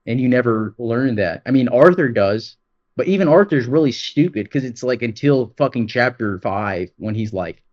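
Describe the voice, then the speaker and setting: A man co-hosting a podcast, chatting excitedly about games, peppering his talk with "dude" and swearing. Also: medium pitch, normal speed, highs cut off. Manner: excited, profane, rambling with lots of "dude". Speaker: podcast co-host. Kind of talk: casual gaming chat.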